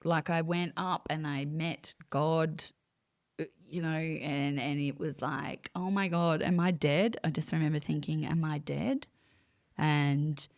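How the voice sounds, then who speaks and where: A woman guest on a conversational podcast, telling a personal story in an animated way and acting out her own quoted thoughts. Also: sits low, dry recording, studio quality. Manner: many fillers and restarts. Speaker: guest, psychic medium. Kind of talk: casual interview storytelling.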